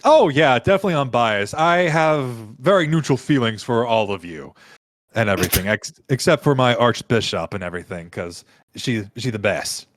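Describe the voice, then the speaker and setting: A man's voice: mid-range voice, moderate pace, no echo, natural voice. A man voicing a flamboyant, smug male chaos god who talks in showy slang. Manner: showy, excited, valley-style slang.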